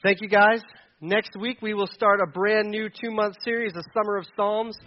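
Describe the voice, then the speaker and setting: A man with a high, lifted voice preaches with passion in a loose, conversational way, as pastor of a young church. The recording sounds dull and lo-fi. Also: steady tone, normal speed, slight background noise. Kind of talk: sermon.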